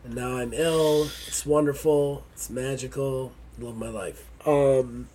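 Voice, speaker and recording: A man hosts a casual gaming podcast while ill, his voice husky and stuffed up. He talks in a grumpy, blunt way and swears freely. His pitch sits in an ordinary middle range. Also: steady tone, a little slow, warm tone. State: sick, stuffy voice. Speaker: podcast host. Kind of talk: casual chat.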